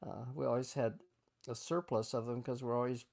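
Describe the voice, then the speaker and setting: A man's voice: mid-range voice, fairly even intonation, a little fast, gravelly, a little mellow. An older man reminiscing in an interview, chatty, laughing often as he tells his stories. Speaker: oral history interviewee. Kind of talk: reminiscing storytelling.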